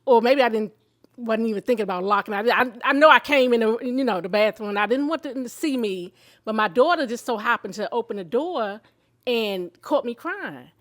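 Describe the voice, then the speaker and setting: A woman in her fifties telling her own story of illness and faith, candid and emotional, in an expressive conversational way. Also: fairly high pitch, a little fast. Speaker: show host sharing her own story. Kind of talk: personal testimony in conversation.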